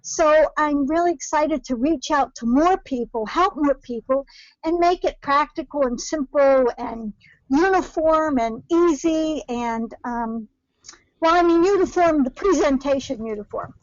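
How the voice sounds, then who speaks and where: A woman's voice: high voice, measured pace, no echo. A middle-aged woman calling into a live webinar as a nutrition counselor, eager and talking in run-on sentences. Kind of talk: casual live call-in. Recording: dull lo-fi online call audio.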